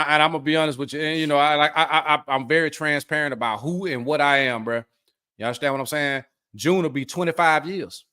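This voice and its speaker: Emphatic Alabama man, slightly high voice. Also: fairly bright tone. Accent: Southern US, Alabama. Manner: emphatic, profane, repeats words when starting. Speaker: podcast co-host. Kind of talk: casual chat.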